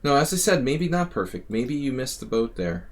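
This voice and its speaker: A man's voice: medium pitch, very animated. A man coaching chess over a live stream, thinking aloud in a chatty way and catching himself mid-thought as he walks through a game. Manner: thinking aloud, quick corrections, chatty asides. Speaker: chess coach analyzing subscriber games.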